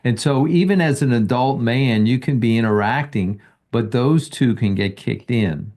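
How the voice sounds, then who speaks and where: A man's voice: mid-range voice, moderate pace, a little mellow. A man coaching a guest through anxiety, drawing him out with probing, leading questions. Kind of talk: live coaching session.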